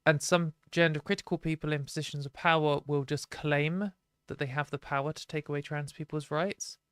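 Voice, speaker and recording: A British woman hosting a live stream, talking casually and frankly with lots of "like" and quick laughs. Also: low-pitched, steady tone, clean tone, dry recording, studio quality. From Britain.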